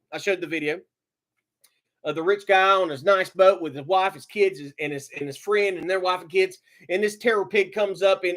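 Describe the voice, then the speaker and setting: A woman's voice: high voice, a bit bright. A woman hosting a livestream, ranting with anger and indignation, repeating herself and stumbling over restarts. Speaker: livestream host. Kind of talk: ranting live commentary.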